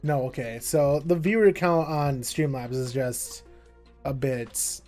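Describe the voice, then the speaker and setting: A man's voice: medium pitch, slow pace, darkish tone, faint music behind. A young American man streaming live, chatting casually and rambling with lots of "like" and self-mocking jokes.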